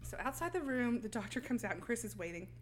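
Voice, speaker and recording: A woman's voice: on the high side, fast talker, a little hiss or hum. Chatty woman recapping a film with flair. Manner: animated storytelling, acts out characters' lines. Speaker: podcast co-host recapping a film. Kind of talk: casual chat.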